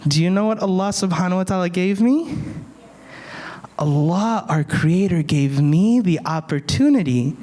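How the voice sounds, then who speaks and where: A man telling a story to children, dramatic, swinging between loud bursts and hushed whispers. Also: high-pitched, lively intonation, normal speed. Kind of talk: animated storytelling for kids.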